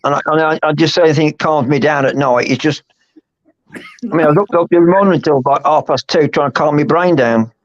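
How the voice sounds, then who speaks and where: A man's voice: on the high side, a little fast. A man in his fifties talking in a rambling, restless way during a casual group chat on a video call. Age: 50s. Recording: dull lo-fi call audio.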